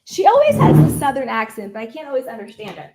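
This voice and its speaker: Woman co-host, slightly high voice, easygoing chatty delivery with fillers. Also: wildly swooping pitch, a loud crowd. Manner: quick, agreeable, with filler "like" and "mm-hmm". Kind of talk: casual chat.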